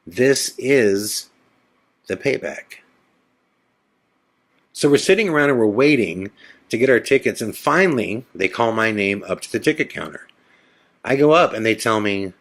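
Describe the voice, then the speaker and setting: A middle-aged man hosting a podcast, telling a long personal story and acting out the dialogue with sudden shouts at the peaks. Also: lowish voice, animated, unhurried, creaky, pauses often. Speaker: podcast host. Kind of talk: storytelling monologue.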